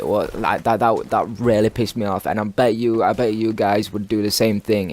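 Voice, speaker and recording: Teen lad ranting over cod gameplay, lowish voice, swears loads, keeps restarting. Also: male voice, darkish tone, a little hiss or hum. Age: teens. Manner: rambling, swears constantly, lots of restarts. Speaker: gaming video commentator. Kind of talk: casual rambling storytelling over gameplay.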